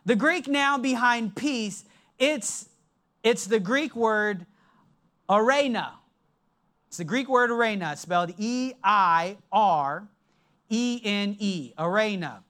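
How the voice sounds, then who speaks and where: A preacher giving a sermon in an emphatic, deliberate way, dropping his voice low to stress points. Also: bright, forceful tone.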